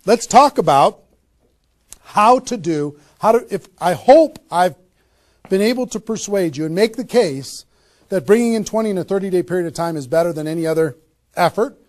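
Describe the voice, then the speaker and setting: High-voiced energetic man giving a sales seminar. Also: measured pace, pauses often. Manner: energetic, emphatic, rhetorical questions. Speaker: network marketing trainer. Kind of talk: motivational seminar talk. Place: seminar room with a small audience.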